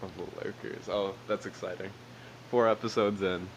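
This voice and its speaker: Low-voiced joking young male co-host. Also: fairly even intonation, normal speed, noisy background. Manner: jokey, rambling, laughs often. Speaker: podcast co-host. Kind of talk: casual chat.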